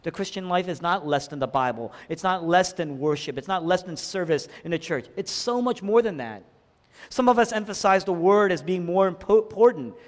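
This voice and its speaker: A man preaching a sermon, dramatic, swinging between loud emphatic lines and hushed low ones. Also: lively intonation, fairly quick. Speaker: pastor. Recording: long hall reverb.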